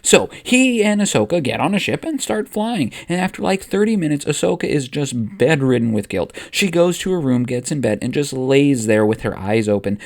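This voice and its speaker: A man hosting and narrating a comic story in a brisk, playful way. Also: mid-range voice, expressive. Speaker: host and narrator.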